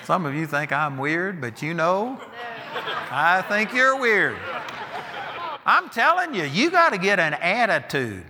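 A man's voice: on the high side, very animated, normal speed, few pauses, long reverb tail, background noise. A man preaching a sermon, emphatic and insistent, hammering his points with repeated declarations.

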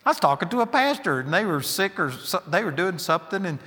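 A man's voice: high voice, sing-song, fast talker, bright, forceful tone, big-room sound. A man preaching a sermon, emphatic and insistent, hammering his points with repeated declarations.

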